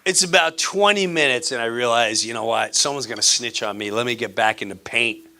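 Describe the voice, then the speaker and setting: A man performing live stand-up on a theater stage, telling a story in an animated, playful way and acting out the people in it. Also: mid-range voice, brisk. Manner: animated, playful, acts out characters. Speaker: stand-up comedian.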